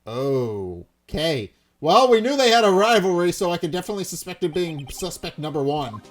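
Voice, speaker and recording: A man hosting a let's-play, reading a courtroom game aloud in a wry, low-key, chatty way. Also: big pitch swings, moderate pace, soft background music.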